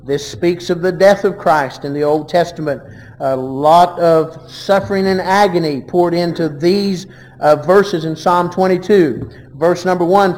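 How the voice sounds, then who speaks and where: A man delivers a sermon in a high-pitched voice. He reads verses aloud, then swings between loud declarations and hushed asides. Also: big-room sound. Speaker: preacher.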